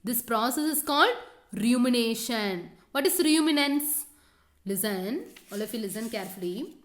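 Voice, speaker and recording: A woman teacher with a fairly high voice leads a science lesson. She repeats her questions and key words, fills the gaps with "okay," and keeps telling students what to underline and draw. The sound is echoey, as if recorded in a roomy space. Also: lively intonation, normal speed. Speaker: school teacher.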